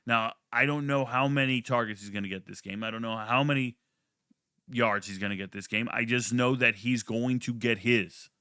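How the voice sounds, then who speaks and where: A man breaks down his sports picks with a bright, forceful voice that stays smooth and clear. He trash-talks profanely and brags, dropping to low mutters and then jumping into loud, high bursts. The recording is dry and close, with no room sound. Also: fairly even intonation, moderate pace, dry recording. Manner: brash, profane, hyped-up trash talk. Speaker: sports betting analyst. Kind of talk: casual sports prediction talk.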